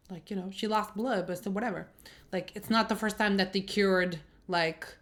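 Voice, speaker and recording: A young woman recapping and reacting to a TV episode in a casual, animated way, swearing and acting out the scenes. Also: on the high side. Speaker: show reviewer.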